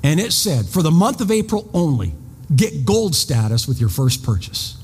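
Animated preacher in a reverberant hall. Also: male voice, fairly high pitch, moderate pace, creaky, breathy edge. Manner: animated storytelling, rhetorical questions, acts out his own outrage. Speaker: pastor. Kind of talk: sermon.

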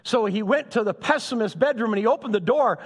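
A man's voice: high voice, fairly quick, husky. A man preaching a sermon, calling out to the congregation to ask for their agreement. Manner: animated, calls out to the congregation. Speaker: pastor. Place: church. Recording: echoey hall.

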